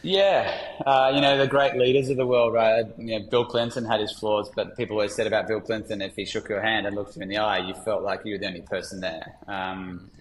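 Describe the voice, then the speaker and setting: A man, a podcast guest telling stories in a candid, relaxed way with many fillers. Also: on the low side, brisk, few pauses, echoey room, a little hiss or hum, rough recording. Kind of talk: reflective storytelling in conversation.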